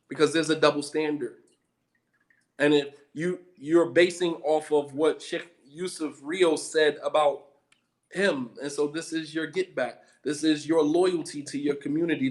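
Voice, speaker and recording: Fired-up preacher guy, high voice, keeps repeating himself to hit the point. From United States. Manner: heated, emphatic, repeats for emphasis. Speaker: Muslim preacher. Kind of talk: impassioned lecture.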